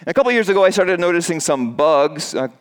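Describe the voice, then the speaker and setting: Pastor guy preaching in church, smooth clear voice, kinda chatty with lots of uhs. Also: animated, quick pace. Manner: conversational preaching with fillers and restarts; acts out quoted voices in a raised pitch. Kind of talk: sermon. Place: church with a screen behind him.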